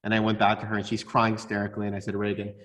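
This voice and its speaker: A man co-hosting a casual podcast as a father, telling stories excitably, repeating words and bursting into laughter. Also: fairly low pitch, racing. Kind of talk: casual chat.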